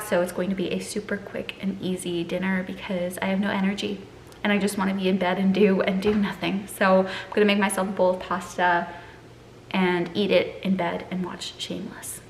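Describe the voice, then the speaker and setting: A bubbly young woman from Quebec chats her way through a home cooking vlog. Her voice is bright and clear, and the kitchen around her rings with echo. Faint sizzling sounds from a pan come through behind her. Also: mid-range voice, level tone, normal speed, slight background noise. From Quebec, Canada. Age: 20s. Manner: chatty, bubbly, self-deprecating asides. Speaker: food vlogger. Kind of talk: casual vlog narration.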